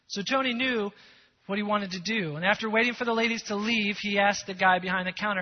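A male preacher telling a story in a sermon, animated, moving from loud to hushed. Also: high voice, fairly quick. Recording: long hall echo, dull sound.

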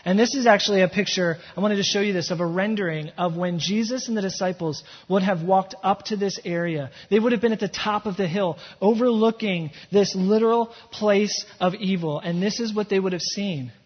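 A man's voice: sits high, brisk, hardly any pauses, husky. A man preaching a sermon as pastor, telling the scene like a story and building to impassioned emphasis. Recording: echoey hall, dull lo-fi sound.

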